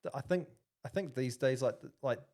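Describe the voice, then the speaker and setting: A man's voice: medium pitch, a little fast, warm tone. A man, co-hosting a casual podcast and telling a story with lots of fillers and restarts. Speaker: podcast co-host.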